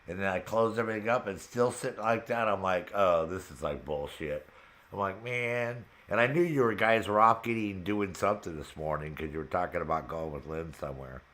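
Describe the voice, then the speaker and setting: A man's voice: low-pitched, fairly even intonation, fast talker, few pauses, sharp tone. A man hosting a gaming show, casually and profanely retelling his own frustration, often breaking into laughter. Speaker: gaming channel host. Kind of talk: casual chat while gaming.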